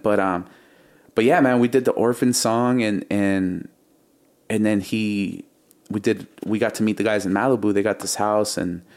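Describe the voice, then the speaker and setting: Man, lower register, laid-back interview guest who hums beats and acts out quotes. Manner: animated, imitates beats and quotes others. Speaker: music producer guest. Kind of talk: casual storytelling interview.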